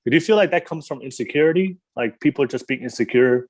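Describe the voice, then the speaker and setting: A man's voice: medium pitch, fast talker, few pauses. A man hosting a podcast, chatting casually with his guest. He talks hesitantly, circling back and repeating words as he works through his questions. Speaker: podcast host. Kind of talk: casual interview conversation.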